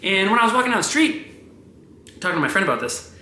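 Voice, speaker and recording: A young man in his twenties talks in a rambling vlog monologue, swearing freely and telling his stories with plenty of animation. His voice sits fairly high and bright, and it swings up and down a lot. The sound bounces around a roomy, echoey room. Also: fairly quick. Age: 20s. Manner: profane, animated storytelling. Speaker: vlogger.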